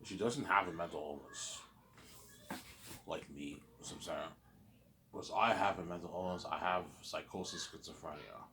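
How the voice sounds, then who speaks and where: A man talking in a casual, rambling monologue, halting and repeating himself often. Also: sits low, fairly bright tone, slight background noise. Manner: repetitive, halting, many restarts. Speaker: vlogger.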